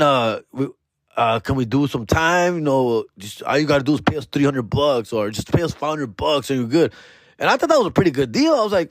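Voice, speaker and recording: A man's voice: on the high side, dry recording, studio quality. A man, a comedian and podcast host telling a story in casual, slang-heavy talk, acting out quotes.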